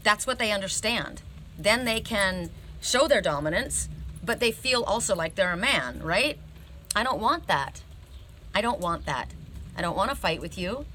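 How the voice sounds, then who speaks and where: A woman's voice: medium pitch, expressive, normal speed, bright, forceful tone, a little hiss or hum. A woman reading oracle cards, telling a personal story in a chatty, emphatic way and often checking in with "right?". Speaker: oracle card reader.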